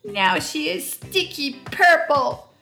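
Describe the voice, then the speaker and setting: Woman doing a little girl, high childish voice, whiny, pleading, storybook reading, slow delivery. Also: big pitch swings, gravelly, sharp tone, soft background music, exaggerated voice. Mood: upset. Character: tearful little girl, youngest sister.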